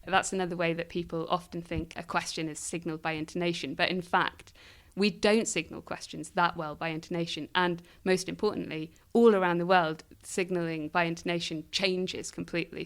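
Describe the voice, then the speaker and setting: A woman guest in a philosophy interview, explaining her ideas in a thoughtful, measured way. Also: fairly low pitch, clear, resonant tone. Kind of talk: interview conversation.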